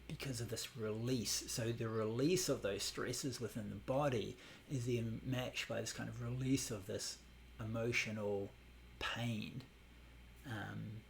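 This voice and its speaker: A man teaching a Buddhist meditation class, explaining in a relaxed way with many fillers. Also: mid-range voice, vocal fry, a little hiss or hum.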